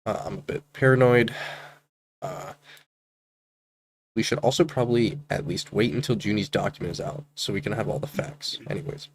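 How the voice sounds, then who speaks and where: A man's voice: lowish voice, moderate pace, vocal fry, pauses often, a little hiss or hum. Anxious, hesitant male streamer. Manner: anxious, hesitant, swears casually. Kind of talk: casual commentary reading chat messages.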